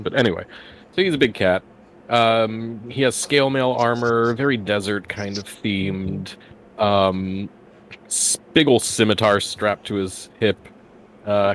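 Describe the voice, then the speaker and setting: A man playing a tabletop game, describing his character in a halting, hesitant way. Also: lowish voice, a little hiss or hum. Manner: halting, hesitant, full of fillers. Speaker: player.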